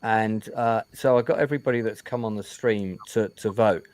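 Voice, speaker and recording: A man's voice: lowish voice, moderate pace, a little mellow. A man hosting a casual interview over a video call, chatty and repeating words as he gathers his thoughts. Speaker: interview host.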